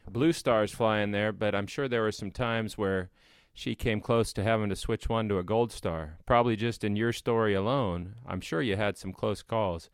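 A man interviewing a veteran, asking measured questions that prompt him to tell more. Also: on the low side, clean tone, no room sound, studio quality.

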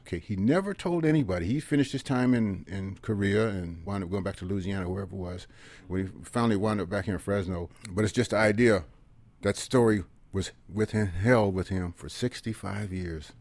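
A man in his seventies, a veteran and guest, telling stories in a folksy, earnest way and dropping into quiet asides. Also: on the low side, normal speed, no echo. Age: 70s. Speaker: guest, veteran and organizer of a history project. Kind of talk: conversational storytelling.

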